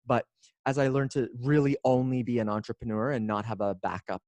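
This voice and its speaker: A man in his forties, a guest on an interview show, talking in an expressive, playful way with drawn-out phrasing. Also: medium pitch, no echo, highs cut off. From Canada. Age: 40s. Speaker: guest, speaker and coach. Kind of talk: casual interview chat.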